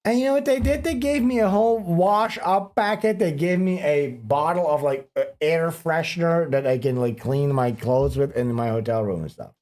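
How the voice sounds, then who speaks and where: Higher-voiced man telling rambling stories. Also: moderate pace, few pauses, a little mellow. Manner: rambling, profane storytelling. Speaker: livestream host. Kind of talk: casual livestream chat.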